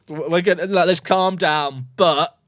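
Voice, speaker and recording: A young man streaming a football management game, talking to his chat in an excitable, jokey way that swings from loud cheering to muttered asides. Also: a little high, measured pace, dry recording, clean studio sound. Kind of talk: live gameplay commentary to chat.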